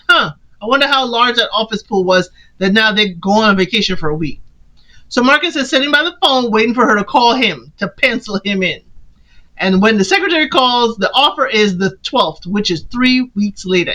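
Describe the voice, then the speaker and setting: A woman casually recapping a film for a podcast, animated and playful, often quoting the characters in put-on voices. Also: a little high, moderate pace, poor audio.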